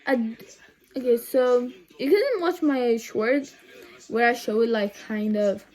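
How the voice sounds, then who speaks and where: At a measured pace and in a slightly mellow voice, a young woman rambles through a casual makeup tutorial vlog at home. Her chatty talk is full of ums and side comments, recorded on a phone camera placed low.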